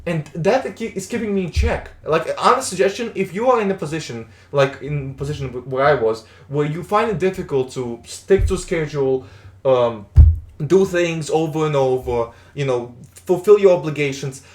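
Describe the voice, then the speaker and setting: A man's voice: a little high, normal speed, roomy sound. A man streaming in a casual, rambling chat, stumbling and repeating words, with the odd swear.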